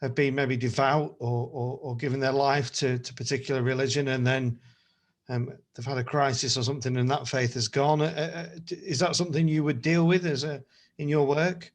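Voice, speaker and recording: A man hosting an interview, asking halting questions with many restarts. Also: medium pitch, level tone. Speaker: interviewer, priest host.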